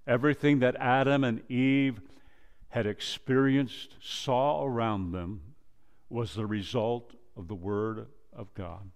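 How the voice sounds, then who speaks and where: A male pastor preaching a sermon, quoting scripture and acting out dialogue, swinging from loud emphasis down to a low hush. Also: steady tone. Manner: preaches slowly, rises loud then drops to a low hush; quotes scripture and acts out dialogue.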